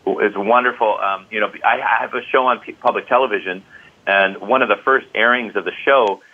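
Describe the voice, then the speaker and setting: Give me an upbeat man, a lowish voice on a tinny line. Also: fairly quick. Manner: enthusiastic, full of "you know" fillers. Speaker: qigong teacher. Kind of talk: interview guest.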